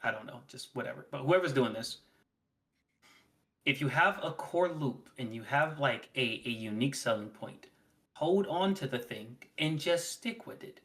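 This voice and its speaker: A man co-hosting a gaming podcast, talking casually in an animated, rambling way and laughing often. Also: mid-range voice, normal speed. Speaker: podcast co-host.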